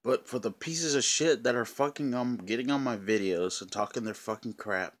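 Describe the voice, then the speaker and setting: A man ranting on his own video channel in an angry, profane, repetitive way, often clearing his throat. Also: mid-range voice, moderate pace. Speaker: channel owner. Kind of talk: angry vlog rant.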